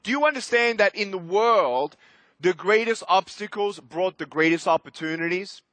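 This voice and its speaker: A man in his thirties giving a keynote as a motivational speaker, energetic and emphatic, with sudden loud bursts. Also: sits high, normal speed, no room sound. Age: 30s. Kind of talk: keynote speech.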